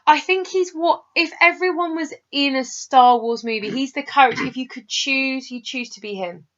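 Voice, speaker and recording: High-voiced gushing woman reviewer. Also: moderate pace, fairly bright tone. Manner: enthusiastic, gushing. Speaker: film reviewer co-host. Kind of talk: casual film review chat. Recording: dull lo-fi sound.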